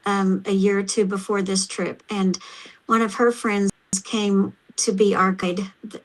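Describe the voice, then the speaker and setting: A woman with an Oklahoma accent, hosting a casual chat and talking haltingly with many pauses and fillers. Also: mid-range voice, low-quality recording. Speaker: host.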